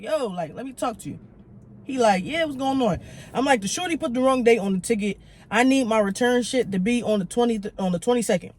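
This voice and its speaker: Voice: mid-range voice, no echo. A young adult storytime vlogger telling an irritated, profane story, playing out other people's lines along the way. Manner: heated, profane, animated retelling; acts out the quoted lines of others. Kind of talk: casual storytime rant.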